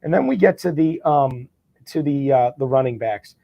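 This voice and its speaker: A man's voice: mid-range voice, expressive, moderate pace, creaky, dry recording, highs cut off. Eager man with a dry, close sound. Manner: eager, with frequent stammered restarts. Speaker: guest, fantasy football champion. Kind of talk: casual podcast chat.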